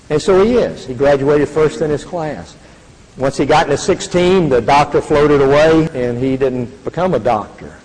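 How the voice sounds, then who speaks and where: A man's voice: a little high, normal speed, a little mellow. An older man giving an earnest faith testimony, speaking with a preacherly, repetitive cadence. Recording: reverberant hall.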